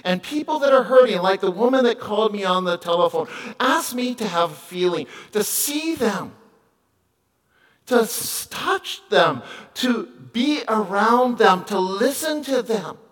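A middle-aged man preaching a conversational sermon, moving between quiet asides and loud, emphatic calls. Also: high-pitched, animated, unhurried, poor audio. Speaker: pastor.

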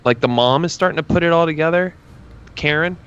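Rambling, animated man in casual chat. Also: a little high, a little fast, clean tone, dull audio. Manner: rambling, animated retelling, full of fillers.

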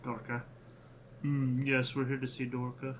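A man's voice: medium pitch, completely flat delivery, measured pace, a little hiss or hum. Casual joking male player. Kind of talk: tabletop game play.

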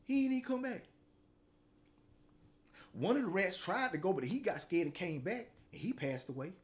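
A man's voice: high voice, lively intonation, moderate pace. A middle-aged man, hosting a motivational talk show, delivering a blunt, profane, preachy monologue that keeps tagging lines with "man".

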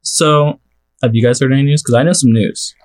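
A man's voice: mid-range voice, fairly quick. A young man hosting a casual podcast, telling rambling, joking stories with friends. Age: young adult. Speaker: podcast host. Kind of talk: casual chat.

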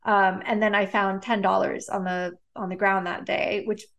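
A woman's voice: mid-range voice, flat delivery, moderate pace, vocal fry, fairly bright tone. Chatty woman telling personal stories. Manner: chatty, lots of "like" and "um", laughs often. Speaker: guest, neuroscientist and author. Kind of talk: casual storytelling in a conversation.

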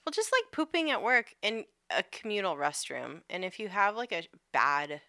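A woman's voice: medium pitch, very animated, normal speed, bright, forceful tone, dry recording, clean studio sound. A woman chatting casually as a podcast co-host, telling a work story full of swearing and filler words. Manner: profane, storytelling with lots of "like". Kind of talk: casual chat.

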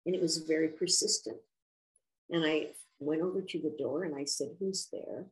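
An older woman, an author, telling a personal story in an interview in a reflective, earnest, unhurried way. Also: low-pitched, fairly even intonation, low-quality recording.

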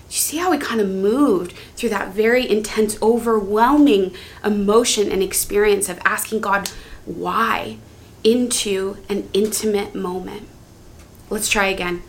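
A woman teaching on prayer in an earnest, gentle way, speaking heartfelt prayers aloud as examples. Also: medium pitch, steady tone, a little slow, slight background noise.

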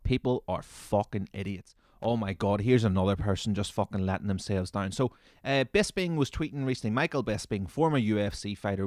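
A man hosting a comedy podcast, ranting sarcastically with lots of swearing and sudden loud mocking bursts. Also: fairly low pitch, no echo, clean studio sound.

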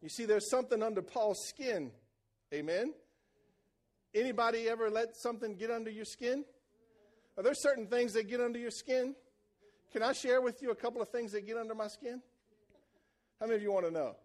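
A man delivers an animated church sermon in a voice pitched unusually high for a man. He preaches with energy and keeps drawing the congregation into call-and-response. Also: fairly quick, long pauses. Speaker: pastor.

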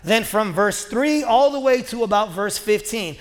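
A man's voice: high voice, expressive, moderate pace. A man preaching a sermon as pastor, talking in a casual, joking, conversational way. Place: church sanctuary. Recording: long reverb of a large hall.

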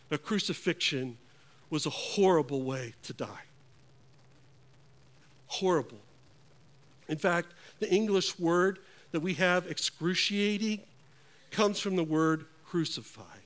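Man preaching slow and earnest, kinda high voice, goes quiet for effect. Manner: slow, earnest preaching with dramatic hushed drops. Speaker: pastor. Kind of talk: sermon.

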